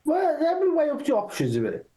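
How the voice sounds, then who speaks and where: A panellist voicing a grumbling old boomer who rambles gruffly about his wartime past. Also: wildly swooping pitch, fast, dark tone.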